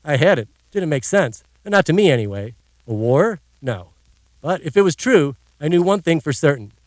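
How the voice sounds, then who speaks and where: A man's voice: on the high side, very animated, normal speed, a little mellow, no echo. A man narrating a first-person audiobook in a wry, dry storytelling manner.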